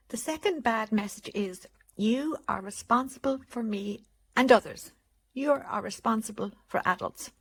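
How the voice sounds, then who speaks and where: A woman hosting a self-help channel, speaking slowly and gently to camera and pausing between comments. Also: a little high. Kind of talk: gentle talk to camera on childhood healing. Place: home.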